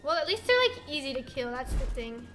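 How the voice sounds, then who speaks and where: A woman's voice: high-pitched, expressive, a little fast, over music. A young woman giving dramatic gameplay commentary, groaning and shrieking at the game. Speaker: gaming streamer.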